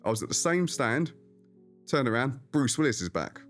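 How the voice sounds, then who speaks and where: A man who is a magician, telling anecdotes in a casual interview, animated and chatty. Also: medium pitch, moderate pace, faint music behind. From England. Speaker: magician guest.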